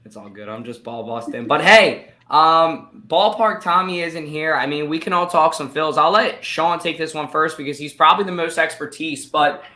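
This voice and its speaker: Upbeat podcast host guy, bright forceful voice, kinda echoey room. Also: a little high. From Delaware. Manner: upbeat, teasing, talks in quick bursts. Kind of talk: casual sports podcast chat. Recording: roomy echo.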